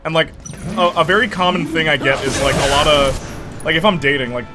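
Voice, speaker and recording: A young man chatting casually while streaming a game, telling stories in an animated way with lots of fillers. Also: fairly high pitch, a little fast, over loud music. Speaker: gaming streamer.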